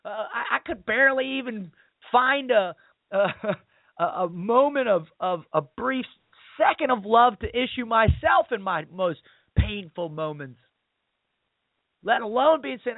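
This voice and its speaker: A high-pitched man speaks as a podcast host, emphatic and repetitive, retelling a story in a loose sermon-like style. The sound is dry and tinny, as if over a phone line. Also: lively intonation, measured pace, no room sound. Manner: emphatic, repetitive, peppered with "man" and "you know". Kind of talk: casual spoken retelling, sermon-like.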